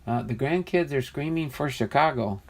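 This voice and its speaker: A livestream host opening trading card packs reads viewer comments aloud, chatty and easily amused. His mid-range male voice is animated and moves at a normal speed.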